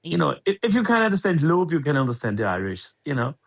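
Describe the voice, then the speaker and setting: Male co-host, gravelly husky voice, halting and stammering chat. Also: fairly high pitch, very animated. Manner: hesitant, repeats words, many fillers. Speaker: podcast co-host. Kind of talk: casual podcast chat.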